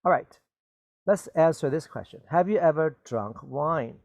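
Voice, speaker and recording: A man's voice: on the high side, animated, creaky, a little mellow, no echo, clean studio sound. A man teaching an English grammar lesson, patiently repeating example sentences and checking in with his students. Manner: patient and repetitive, checks in with "okay?" and "right?"; slow, deliberate explanations with stressed key words. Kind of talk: grammar lesson for Chinese-speaking learners.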